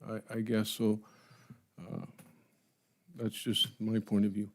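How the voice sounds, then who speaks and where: A man speaking as a county commissioner at a public meeting, halting and hedging with many restarts. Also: lowish voice, flat delivery.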